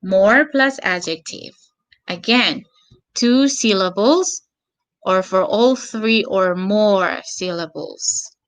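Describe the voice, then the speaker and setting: At a slow, patient pace, a woman with a medium-pitched voice teaches an online English grammar lesson, repeating words and spelling out endings.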